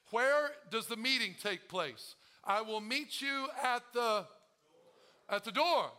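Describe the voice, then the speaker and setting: A man's voice: extremely high pitch, sharp tone. A male pastor preaching a sermon to his congregation, calling out to them and acting out the prayers he quotes. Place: church.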